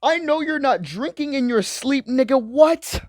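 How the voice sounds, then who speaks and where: A man's voice: very high voice, lively intonation, a little slow, a little mellow, no echo, clean studio sound. A young man giving a comedic, profane, slangy recap of an anime. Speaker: commentary host.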